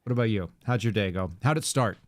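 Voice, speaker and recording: A man hosting a casual political podcast, talking in a sarcastic, rambling way with quick asides. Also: fairly low pitch, no room sound, studio quality. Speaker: podcast host.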